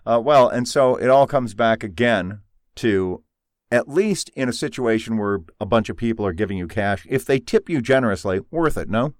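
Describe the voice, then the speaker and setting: Male comedy podcast co-host, sarcastic and animated, mid-pitched, dry studio sound. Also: moderate pace, no echo. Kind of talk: casual banter.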